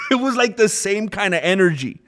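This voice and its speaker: Brief: a man ranting on a live stream, argumentative and animated, higher-pitched voice with a lot of swing. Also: moderate pace. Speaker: streamer and fight commentator. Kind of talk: casual live-stream commentary.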